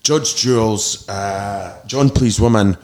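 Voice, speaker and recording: A man's voice: lowish voice, slow. Scottish man telling rambling stories. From Scotland. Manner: rambling, animated anecdotes with mimicked shouts. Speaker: DJ guest. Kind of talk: casual interview storytelling.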